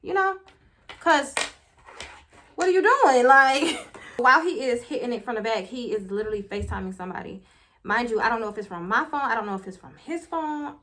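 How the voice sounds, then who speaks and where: A young woman telling a casual storytime while doing her makeup, animated and laughing often, talking straight to her viewers. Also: on the high side, fast. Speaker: storyteller vlogger.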